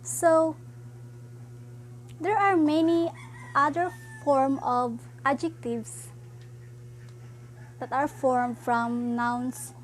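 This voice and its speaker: A high-voiced woman teaching a grammar lesson at a slow, careful pace. She explains haltingly, pausing to start her points with "so" and an occasional "um". A faint hum sits under her voice. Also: fairly even intonation, low-quality recording.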